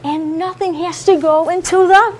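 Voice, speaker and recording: A woman leading a classroom lesson for young children, coaxing them through call-and-response in an animated, sing-song way. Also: very high voice, moderate pace, background noise. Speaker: early childhood educator.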